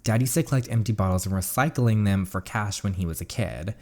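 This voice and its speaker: Man reading teenage schoolgirl, ambitious, proud, plain steady reading, lowish pitch. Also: brisk, natural voice. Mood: earnest.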